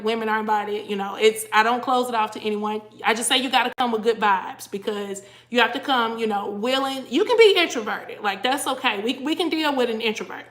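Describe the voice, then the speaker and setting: A woman's voice: on the high side, fairly bright tone. A tired woman chatting casually on a livestream, greeting viewers by name and reading their comments aloud. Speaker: cruise vlogger hosting a livestream.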